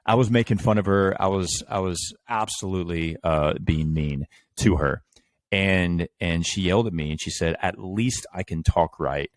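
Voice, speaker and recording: A man's voice: deep voice, moderate pace, dry recording. A young man hosting a podcast, telling stories casually with laughs and self-mocking humor. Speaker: podcast host.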